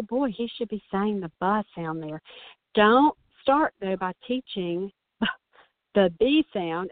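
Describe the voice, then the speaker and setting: Woman host, speech therapist, earnest coaching manner, middle pitch, narrow phone-like sound. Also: dry recording. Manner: earnest, coaching tone with repeated restarts. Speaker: speech-language pathologist podcast host. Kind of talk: explanatory podcast monologue.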